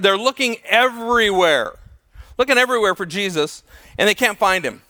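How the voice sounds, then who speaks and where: A male pastor preaches a sermon, telling stories animatedly and acting out the voices of the people he quotes. His voice is high-pitched at a normal speed, and he's in a large hall.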